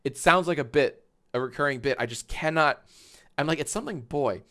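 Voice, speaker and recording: A man streaming live and reacting to a clip, talking in a halting, rambling way with sudden swearing outbursts. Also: on the high side, bright, forceful tone.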